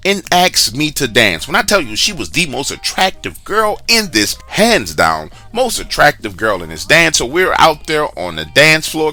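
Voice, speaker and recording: Animated, bright-voiced male storyteller. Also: fairly high pitch, normal speed, hardly any pauses, soft background music. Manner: animated, talks straight to the listener with slang asides. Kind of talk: casual first-person storytelling.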